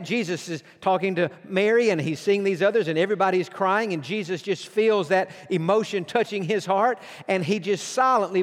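Man, pastor, earnest emphatic sermon, slow dramatic pauses, high voice, long hall reverb.

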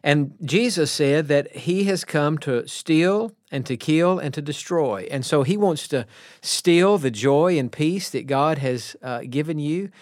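A man preaching a radio sermon in an earnest, plainspoken way, slowing down to stress key words. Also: on the high side, no room sound, studio quality.

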